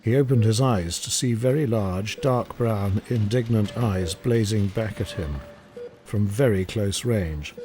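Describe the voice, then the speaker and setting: Deep-ish guy narrating a ghost story, slow and grave. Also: warm tone. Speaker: audiobook narrator. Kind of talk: scripted narration.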